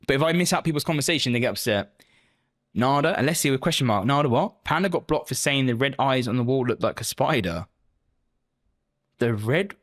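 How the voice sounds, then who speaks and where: A man's voice: mid-range voice, a bit bright. A man live-streaming, chatting casually with viewers and answering their messages with lots of swearing and joking banter.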